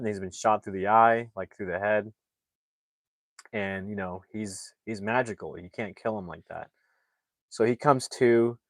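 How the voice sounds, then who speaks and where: A man's voice: lowish voice, no echo. A man casually recapping a film's plot as a reviewer, rambling with many fillers and self-corrections. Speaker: movie reviewer.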